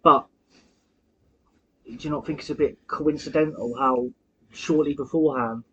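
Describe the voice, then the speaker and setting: A man's voice: a little high, fairly even intonation, moderate pace, a bit bright, breathy edge, highs cut off. A young man, insisting on his theories in casual podcast chat, swearing along the way. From United Kingdom. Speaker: podcast co-host.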